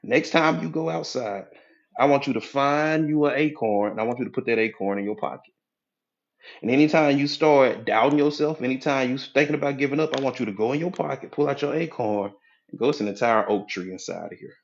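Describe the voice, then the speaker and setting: A man's voice: medium pitch, fairly quick, muffled recording. A man giving a motivational talk in a live audio app room, speaking in a preachy, folksy way, repeating his points for emphasis. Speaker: motivational speaker, hypnotherapy coach.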